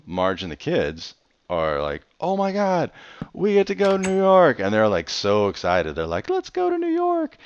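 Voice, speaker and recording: A young man with a low voice talks over his gameplay in a chatty, rambling way. His pitch swings widely as he jumps into playful asides. The dry recording sounds a little dull and lo-fi. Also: no room sound. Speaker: Minecraft let's player. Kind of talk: casual gameplay commentary.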